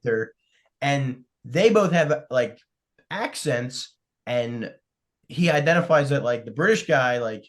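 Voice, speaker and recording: A man's voice: medium pitch, animated, a little slow. A man hosting a podcast, chatting casually about a film, rambling with many fillers and restarts. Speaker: podcast host.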